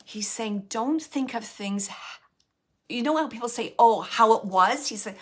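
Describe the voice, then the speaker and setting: A woman who is a medium and show host gives a live reading, chatty and searching, filling her speech with fillers as she relays messages from the spirit. Her husky voice is on the high side, at a normal speed.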